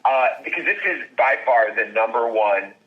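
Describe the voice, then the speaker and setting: A man's voice: mid-range voice, animated, normal speed, phone-quality sound. A man, a chef, chatting playfully and enthusiastically in an interview. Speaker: celebrity chef guest. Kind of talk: casual interview chat.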